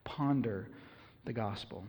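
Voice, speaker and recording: A man's voice: on the low side, slow, a little mellow, husky, in a large hall. A man preaching a sermon as pastor, earnest and emphatic, with rhetorical questions.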